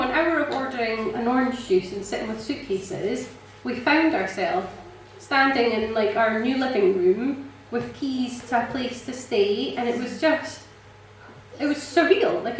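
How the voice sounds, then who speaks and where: A woman's voice: a little high, slight background noise. Woman giving an echoey church testimony. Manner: chatty and animated, often laughing, frequent ums. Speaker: church member sharing a testimony. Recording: echoey church hall, mic from a distance.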